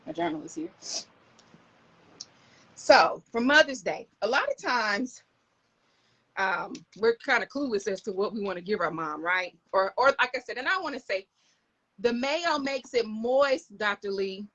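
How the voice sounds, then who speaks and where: A woman's voice: medium pitch, expressive, a little slow, pauses often, fairly bright tone. A middle-aged woman, chatting enthusiastically to viewers in a casual live stream, recorded on a phone camera.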